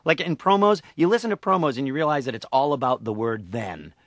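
A man's voice: fairly high pitch, expressive, quick pace, few pauses, no echo. A man in his forties, a voice actor, chatting playfully and laughing often in a radio interview. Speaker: voice actor guest. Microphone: studio microphone.

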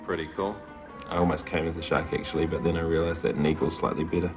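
An actor playing an awkward, self-obsessed geeky young man in a film clip, talking deadpan. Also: a bass voice, fast, music in the background.

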